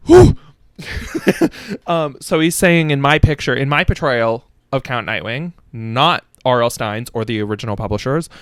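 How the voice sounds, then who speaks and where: A young man hosts a comedic book review, rambling and swearing with quick self-mocking asides. His voice is smooth and mid-pitched. The recording is dry and close. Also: fairly bright tone, no room sound. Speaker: podcast host.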